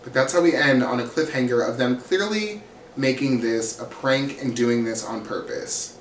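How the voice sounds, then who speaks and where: At a moderate pace and in a mid-range voice, a man gives a casual, blunt and sassy rundown of a reality TV episode. He curses freely and acts out quotes, with roomy echo and faint ambient hiss audible.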